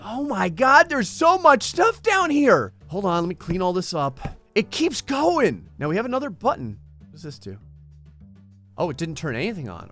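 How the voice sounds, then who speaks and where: A man casually commentating a video game, excitable and chatty, often talking straight to his viewers. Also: sits high. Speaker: gameplay video host. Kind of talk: casual let's-play commentary.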